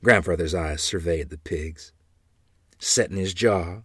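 A man narrating a read-aloud story in an expressive, good-humored manner. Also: low voice, a little slow, slightly rough, no echo, clean studio sound.

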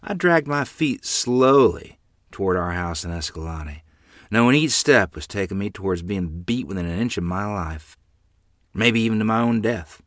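A man narrating a memoir story aloud in an earnest, expressive manner. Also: deep voice, moderate pace, no room sound, studio quality.

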